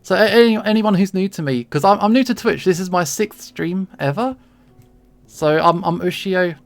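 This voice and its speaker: A man chats casually with his livestream audience while he draws, friendly and rambling, often repeating words as he begins a sentence. His voice sits high and gravelly at normal speed. The recording is dry with soft background music.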